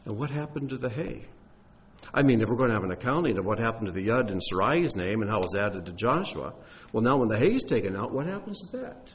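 A man's voice: on the low side, animated, fast talker. A man teaching on Bible texts, explaining in a conversational way with occasional fillers.

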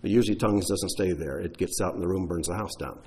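A fast-talking pastor with a deep voice and darkish tone answers his congregation's questions. He keeps it conversational and explanatory, often using fillers and restarting.

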